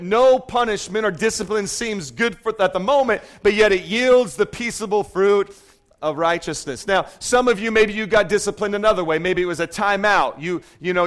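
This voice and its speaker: A man preaching a sermon, telling lively stories and often checking in with "okay?" and "right?". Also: high voice. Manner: animated storytelling, often asks "okay?" and "right?". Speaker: pastor.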